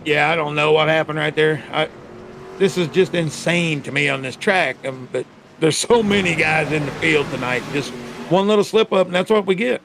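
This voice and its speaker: A laid-back man gives color commentary, his voice gravelly and a touch high. He speaks plainly and casually. Clear background noise runs under his mic. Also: normal speed. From United States.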